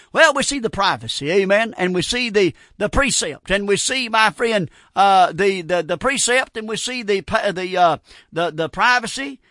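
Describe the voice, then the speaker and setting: A male preacher telling stories in a folksy sermon, with a very high, bright voice. He is animated and keeps dropping in amens. The sound is dry and close. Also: no room sound. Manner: folksy, repeats amen, animated storytelling.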